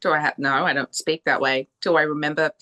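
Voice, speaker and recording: Australian woman, bright, lively, laughing, chatty interview guest. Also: low-pitched, a little fast. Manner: animated, laughing, slips into playful put-on voices. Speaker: voice actor and singer guest. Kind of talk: casual interview chat.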